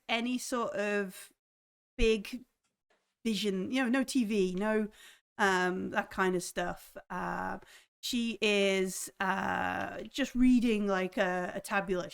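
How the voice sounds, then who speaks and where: Smooth-voiced woman running a game. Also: medium pitch. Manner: rambling with many fillers. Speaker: game master. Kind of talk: narrating a tabletop game.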